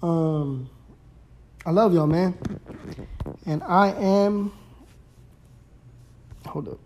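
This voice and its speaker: A man's voice: high voice, extremely slow, pauses often, a little mellow, a little hiss or hum. A young man hosting his own podcast, chatting casually and rambling in laid-back slang. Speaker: podcast host. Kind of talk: casual solo podcast chat.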